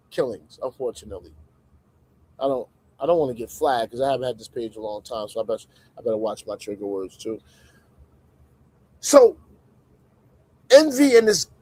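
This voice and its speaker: A man with a fairly high voice talks through a casual livestream, animated and conversational. He jumps between loud, emphatic points and quiet muttered asides. The sound is dry and close, with no room echo. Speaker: livestream commentator.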